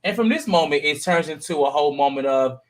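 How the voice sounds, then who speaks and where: A man hosting a casual panel chat, animated and jumping into high voices to act out quotes. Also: fast talker. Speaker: podcast panel host recapping a reality show.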